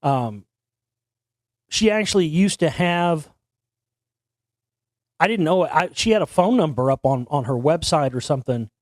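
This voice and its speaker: A podcast host on an internet talk show rambles through a long story, casually restarting often and swearing offhandedly. His voice is on the high side with lively intonation, a little slow with frequent pauses, recorded cleanly in a studio with no echo.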